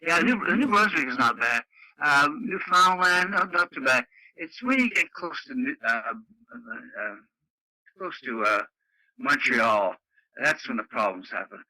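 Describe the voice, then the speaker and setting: A man's voice: medium pitch, expressive, unhurried, pushed and bright, no room sound, low-quality recording. A man in a rambling, folksy casual chat over the radio. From Canada. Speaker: radio net regular.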